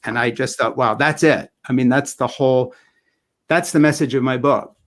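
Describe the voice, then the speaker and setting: An older man, an author guest in a live online interview, talking in an earnest, halting way and searching for his words. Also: medium pitch. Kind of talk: reflective interview talk.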